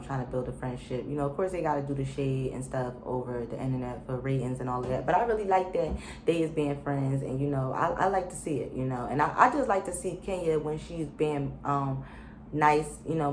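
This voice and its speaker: A woman's voice: a bass voice, fairly quick, a little mellow, roomy sound, slight background noise. A woman casually recapping a reality show, chatty and opinionated, with lots of fillers and slang.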